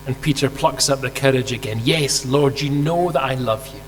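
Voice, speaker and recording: A man preaches a sermon, telling a story vividly, posing rhetorical questions, and acting out quoted lines. His medium-pitched voice moves a little fast with few pauses. Hall reverb and a faint mains hum fill the recording.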